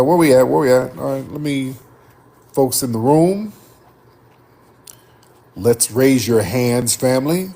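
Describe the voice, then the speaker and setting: A man with a slightly husky voice hosts a live call-in stream. He talks in a loose, drawling way, addressing the room and his viewers casually. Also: on the low side, a little mellow. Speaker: host.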